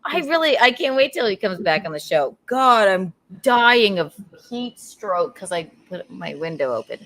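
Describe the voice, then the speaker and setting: A woman's voice: mid-range voice, big pitch swings, fairly bright tone, rough recording. A woman hosting a podcast as a live stream, chatting casually, teasing and joking with a guest. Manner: teasing, playful, quick to joke. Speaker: podcast host. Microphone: live-stream setup.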